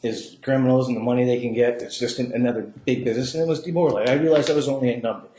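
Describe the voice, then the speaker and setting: A man's voice: mid-range voice, fairly even intonation, racing, warm tone, a little hiss or hum. A man from Canada, a podcast guest, telling his life story in blunt, profane, casual talk. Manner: blunt and profane, acts out voices in his stories. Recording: echoey room.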